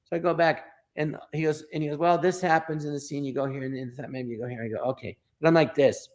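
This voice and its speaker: A middle-aged man from Los Angeles tells a long story as an interview guest, his voice a touch higher than most men's. He slips into the people he quotes and acts out their lines. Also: fairly even intonation, fast talker. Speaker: guest comedian.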